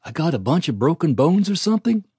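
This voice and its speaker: A man's voice: a little high, sing-song, quick pace, dark tone, breathy edge, dry recording, clean studio sound, voice pushed up, heavily acted. A man doing a weak, mumbling young cowboy. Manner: drawling, mumbling.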